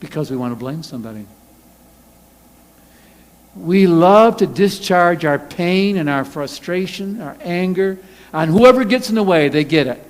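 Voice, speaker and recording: A man preaching a sermon as pastor, animated, acting out angry quotes in a loud voice. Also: sits high, measured pace. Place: church sanctuary. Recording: reverberant church hall.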